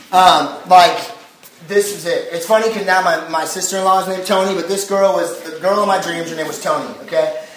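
A young man giving a casual youth sermon, telling the story in an animated way and using lots of filler words. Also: high-pitched, slight background noise. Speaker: youth pastor. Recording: echoey hall, voice from a distance.

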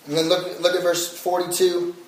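A man's voice: high-pitched, monotone, moderate pace. A young man preaching a sermon in a casual, chatty way, full of fillers, as a pastor. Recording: echoey hall from far off.

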